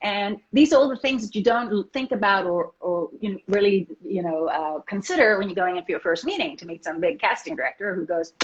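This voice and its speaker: A South African woman, an actress, chatting fast in an interview with lots of restarts. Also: medium pitch. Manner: fast talker, many restarts. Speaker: actress guest. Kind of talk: casual interview chat. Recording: dull lo-fi audio.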